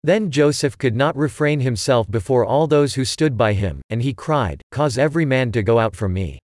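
A man giving a steady, measured scripted reading of a Bible chapter. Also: medium pitch, dry recording, studio quality. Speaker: scripture reader.

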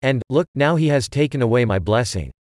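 A grown elder son pleads bitterly for his father's blessing, as a man reading scripture voices him. The delivery stays measured and plain. The sound is dry and close. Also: medium pitch, animated, a little mellow, no room sound, lightly acted. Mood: pleading.

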